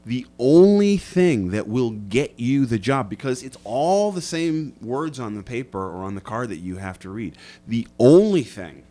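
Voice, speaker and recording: A man's voice: mid-range voice, unhurried, few pauses. A man, an actor and guest, chatting animatedly and jokily in a radio studio interview. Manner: animated, jokey, slips into voices. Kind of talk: casual interview chat.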